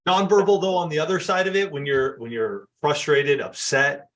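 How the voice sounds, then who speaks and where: A man who is a guest on an interview, speaking in a reflective, steady way and listing everyday examples. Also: fairly high pitch, normal speed. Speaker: podcast guest, married co-host of a marriage show. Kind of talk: casual interview chat.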